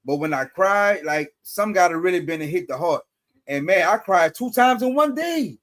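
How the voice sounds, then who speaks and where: A man in his forties with a notably high-pitched voice. He co-hosts a casual chat, speaking in an animated, playfully protesting way. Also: normal speed. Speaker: co-host.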